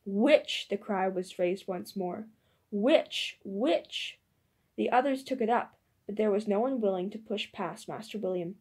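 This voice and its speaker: Woman audiobook narrator, measured delivery, mellow dark tone. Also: mid-range voice. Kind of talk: audiobook reading.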